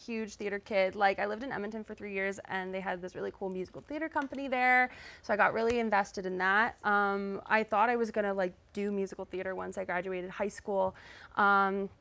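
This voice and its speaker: A woman's voice: medium pitch, steady tone, brisk, gravelly, a bit bright. A young woman from Canada, a singer and guest on a live talk show, chatting in a bubbly way with frequent laughs and fillers.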